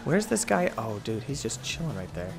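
A man's voice: medium pitch, big pitch swings, normal speed, gravelly, over music. A young man telling a rambling story in a laid-back, casual way, full of "like" and "uh", while playing a game. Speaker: gaming video host. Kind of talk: casual gameplay commentary and storytime.

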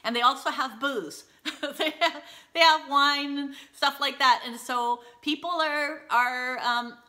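Woman, bright voice, fairly high, chatty animated storytelling, middle-aged. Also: a little slow. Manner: lively, animated retelling with laughs. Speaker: host. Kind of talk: casual storytelling.

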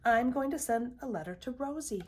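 A woman's voice: a little high, lively intonation, normal speed, darkish tone, husky, pitched above the performer's own voice. Woman voicing a kind young Dutch girl. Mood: eager.

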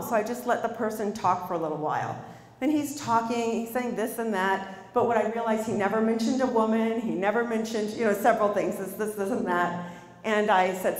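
A middle-aged woman life coach giving a lively motivational talk to an audience, telling stories and asking the crowd questions. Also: on the high side. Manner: storytelling, animated, asks the audience questions. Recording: long hall reverb from a stage.

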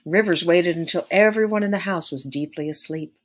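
A woman narrating a story aloud in a measured, expressive way. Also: on the low side. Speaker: audiobook narrator.

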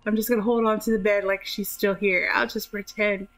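A woman voicing a panicked new father who rambles quickly while clinging to a hospital bed. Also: mid-range voice, level tone, fairly bright tone, natural voice, poor audio.

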